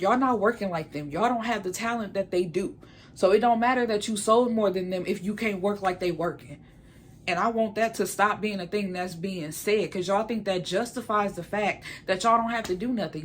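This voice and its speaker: A woman's voice: mid-range voice, slight background noise. A woman giving a blunt, heated, opinionated recap of a reality show in casual commentary. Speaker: reality TV reviewer.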